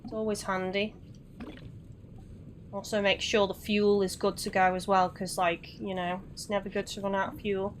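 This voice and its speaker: A woman's voice: mid-range voice, flat delivery, moderate pace, a little hiss or hum. A woman chatting casually to her viewers while live-streaming a game, swearing now and then.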